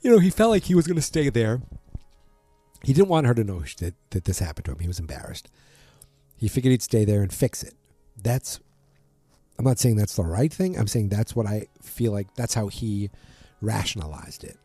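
A man's voice: on the low side, lively intonation, moderate pace, pauses often, dark tone, breathy edge, dry recording, soft background music. A man casually recapping a TV episode, rambling with lots of ums and restarts and acting out the characters' lines. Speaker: podcast host recapping a TV episode.

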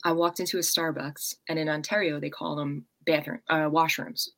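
A woman's voice: low-pitched, normal speed. A woman from Long Island with a New York accent, chatting casually as a guest and acting out stories with plenty of swearing. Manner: animated storyteller, swears freely, acts out quotes. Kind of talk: casual chat.

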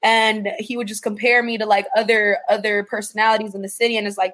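A woman radio personality chatting casually in an interview, animated and laughing often as she acts out what people said. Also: quick pace. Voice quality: deep strong voice for a woman.

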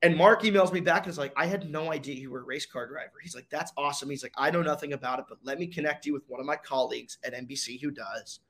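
A young man sits as a guest and tells his story the way a natural storyteller does. He builds drama, pauses for effect and pulls his listener along. His voice sits a little on the high side. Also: a bit bright. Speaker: guest, racing driver. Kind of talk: storytelling in a casual interview.

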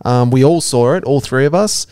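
A man's voice: mid-range voice, normal speed, a little mellow, clean tone, dry recording, studio quality. Teasing young Australian man. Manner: teasing, jokey, playful. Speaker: podcast co-host. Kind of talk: casual chat.

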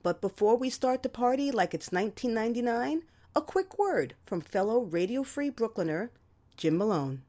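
A woman hosting a radio show, reading her own humorous memoir story with a sarcastic, lively delivery. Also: fairly high pitch, moderate pace, a little hiss or hum. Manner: lively, sarcastic storytelling with animated quoted voices.

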